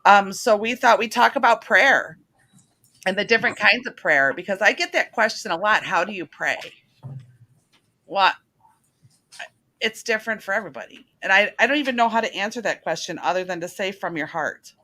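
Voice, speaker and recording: A middle-aged woman hosts a casual talk show on faith, telling stories in an earnest, animated way. Her voice is bright and carries a ringing edge. Her pitch sits in a middling range for a woman. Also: normal speed. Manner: chatty, earnest, animated storytelling. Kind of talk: casual spiritual chat.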